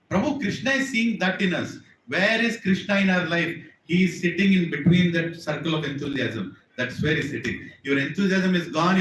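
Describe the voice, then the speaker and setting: A man's voice: a little high, a bit bright, slight background noise. A man giving an earnest sermon in a temple hall, talking straight to his listeners and repeating his points. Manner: earnest, repetitive, addresses the audience directly. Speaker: preacher. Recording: echoey hall, distant mic.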